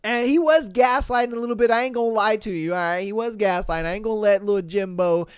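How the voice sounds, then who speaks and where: A man hosting a podcast, giving casual, animated, slangy commentary and laughing often. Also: high-pitched, quick pace, smooth, no room sound, clean studio sound. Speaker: podcast host. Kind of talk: casual reality-show commentary.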